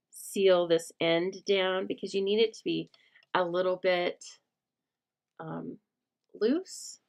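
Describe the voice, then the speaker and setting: Brief: middle-aged woman host, low gravelly voice, casual step-by-step craft teaching. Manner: chatty, teaching step by step, breaks off to talk to her dog. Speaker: host of live stamping show. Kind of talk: live crafting demonstration.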